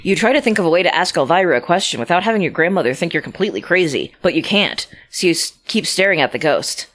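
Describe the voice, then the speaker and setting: A woman's voice: fairly low pitch, lively intonation, fast, a bit bright. A woman co-hosting a podcast, reading a story aloud with blunt, crude quips. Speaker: podcast co-host and reader.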